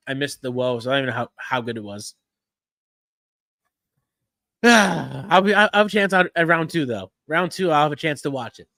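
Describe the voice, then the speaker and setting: A man hosts a casual live-stream chat, talking through whatever is on screen. He rambles and restarts his sentences, chuckling now and then, in a voice of ordinary pitch. His sound is dry and close, with no room around it. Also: bright, forceful tone, no room sound. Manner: rambling, restarts and "yeah, no" fillers, easy chuckles. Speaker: podcast host.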